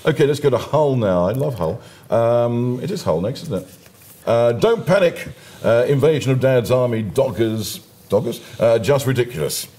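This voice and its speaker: A man's voice: medium pitch, lively intonation, normal speed, few pauses, mellow, husky. A man presenting a TV newspaper review, chatting and throwing in asides. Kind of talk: studio discussion.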